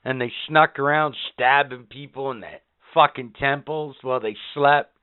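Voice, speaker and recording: A man hosting a casual podcast, counting down favorite moments with excited, profane storytelling. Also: mid-range voice, normal speed, clean tone. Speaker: podcast host. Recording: phone-like narrow band.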